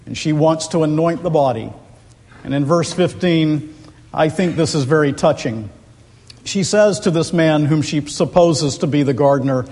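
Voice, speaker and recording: Male preacher, higher-pitched, measured and deliberate delivery with impassioned peaks, large church with long reverb. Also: darkish tone. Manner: slow, deliberate, rising to impassioned emphasis. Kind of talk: expository sermon.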